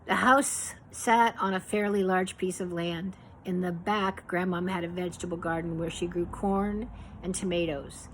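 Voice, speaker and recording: Woman from Pittsburgh, lower register, reflective memoir reading. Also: fairly even intonation, slight background noise, rough recording. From Pittsburgh, USA. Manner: unhurried, reflective reading with occasional self-corrections. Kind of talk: memoir read aloud.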